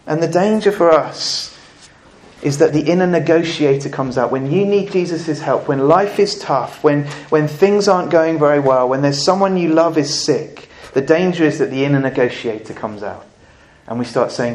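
Earnest guy preaching, kinda high voice, lots of questions to the room, roomy church echo. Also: a little fast, a little mellow. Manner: earnest, asks the congregation direct questions. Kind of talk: sermon. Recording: echoey church hall.

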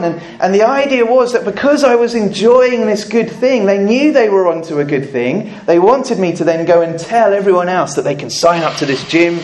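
A man's voice: high-pitched, animated, moderate pace, few pauses, darkish tone, slight background noise. A man preaching a sermon at a church service, earnest and often repeating words as he goes.

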